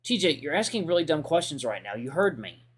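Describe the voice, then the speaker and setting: A man's voice: fairly high pitch, sing-song, fairly quick, slightly rough, voice pushed up. A man voicing a pushy, volatile furry lover. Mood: insistent. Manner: pleading, pushy and insistent. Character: obsessive young male furry, intense and volatile. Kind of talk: visual novel reading.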